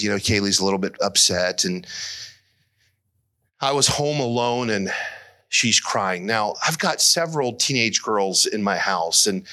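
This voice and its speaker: Man, middle-aged pastor, sermon, earnest and emotional, bright tone. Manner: earnest, emotional preaching that rises high when moved.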